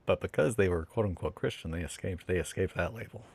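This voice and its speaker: Rambling low-voiced man on a dry close mic. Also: fast talker, vocal fry, slightly rough, no echo. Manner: rambling, swears casually, self-interrupting. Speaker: hobby streamer. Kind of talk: casual chat while building models. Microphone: close desk mic.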